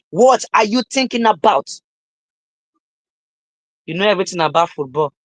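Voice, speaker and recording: A young man giving a live-streamed motivational talk, repeating his lines emphatically and rising at times to shouts. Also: high voice, lively intonation, moderate pace, creaky, pauses often, no room sound, low-quality recording. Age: young adult. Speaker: motivational speaker.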